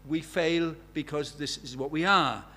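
Emphatic and unhurried, a man with a somewhat high voice preaches a sermon in church, asking rhetorical questions and moving from loud to hushed.

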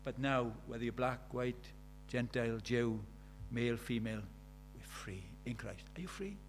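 A man's voice: mid-range voice, normal speed, a little hiss or hum. An older man, preaching a sermon in a conversational way, full of rhetorical questions.

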